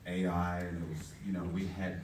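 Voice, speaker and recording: A man's voice: low voice, monotone, moderate pace, darkish tone, slight background noise. A man on a film cast panel, chatting with dry, teasing humor. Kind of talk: panel chat. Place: large convention hall. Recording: echoey hall, distant mic.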